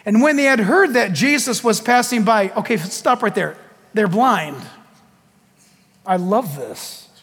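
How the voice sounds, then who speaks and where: A man preaching a sermon as pastor, animated, acting out Bible scenes with laughter and sudden shouts. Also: high-pitched, husky, big-room sound.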